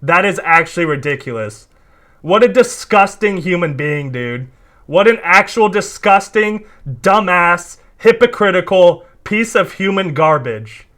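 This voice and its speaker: A man's voice: sits high, expressive, measured pace, fairly bright tone. A young man ranting in exasperation as he reacts to video clips, swearing often and repeating "dude". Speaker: commentary YouTuber reacting to clips. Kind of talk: reaction commentary.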